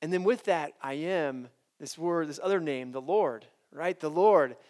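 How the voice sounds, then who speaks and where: A man's voice: on the high side, measured pace, a little mellow. A man preaching to college students, speaking animatedly, restarting his sentences and often asking "right?". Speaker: campus preacher.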